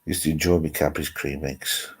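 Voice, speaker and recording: A very deep, slightly rough male voice holds a steady tone and moves a little fast. The man is hosting a relaxed livestream from home, laptop on his lap and speaking into its microphone, chatty and rambling with occasional mild swearing.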